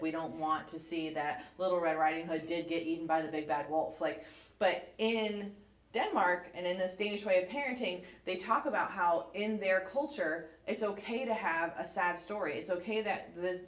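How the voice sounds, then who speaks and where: A low-voiced woman from the United States talks through a book club episode in a loose, animated way, full of fillers and quick asides. Her voice sits low for a woman and carries a noticeable room echo. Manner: chatty, animated storytelling with many "like" fillers. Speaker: podcast co-host. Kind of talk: casual book club chat. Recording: echoey room.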